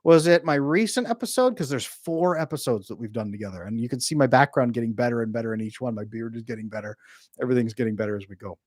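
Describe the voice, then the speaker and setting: A man's mid-range voice with a darkish tone comes through in a dry, clean studio-style recording. He's a relationship coach doing a casual live Q&A from home, bookshelf behind him, joking, chatting, and quick to laugh as he reads viewer comments.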